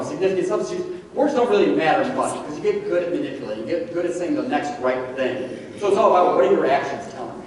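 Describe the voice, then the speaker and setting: Casual male presenter with a fairly high voice, heard from a distance in a reverberant hall. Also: a little mellow. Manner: conversational, many fillers like "like". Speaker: addiction therapist presenting. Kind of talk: casual public talk to parents. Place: large echoey hall. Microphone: distant from the recorder. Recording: echoey hall from far off, faint background hum.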